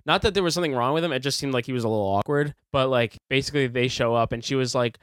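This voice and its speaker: A man co-hosting a podcast chats casually into a close mic. He tells stories in a rambling way, laughing often and restarting his sentences. His voice sits at an ordinary pitch and sounds dry. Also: very fast, few pauses, no echo. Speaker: podcast co-host. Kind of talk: casual chat.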